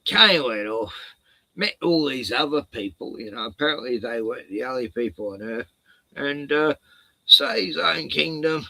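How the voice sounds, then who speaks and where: A man's voice: medium pitch, lively intonation, moderate pace, gravelly, sharp tone, no room sound, rough recording. A man telling a story casually, profane and rambling, laughing at his own jokes.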